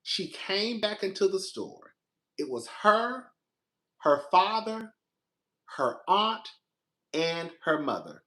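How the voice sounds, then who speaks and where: Speaking slowly with long pauses, the young host animatedly shares a personal story in a casual way. His voice leaps high whenever he quotes how he reacted.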